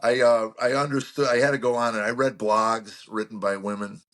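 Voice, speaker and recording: A man in his sixties, a comedian guest telling stories in an interview, animated and acting out quotes. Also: fairly low pitch, brisk. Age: 60s. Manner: animated storyteller, acts out quotes. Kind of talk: storytelling interview chat.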